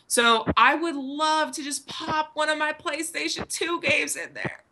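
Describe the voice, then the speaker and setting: A woman's voice: high voice, measured pace, gravelly, sharp tone, rough recording. A woman co-hosting a casual gaming chat show, chatty as she raises a topic for the others. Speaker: podcast co-host. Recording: audible background noise.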